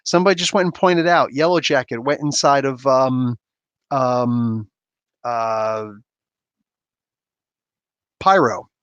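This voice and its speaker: A man's medium-pitched voice comes through smooth but muffled, with fairly even intonation, a slow pace and long pauses, and no room sound. He hosts a comic book podcast, answering viewer questions in a casual, animated way with rambling digressions and laughs.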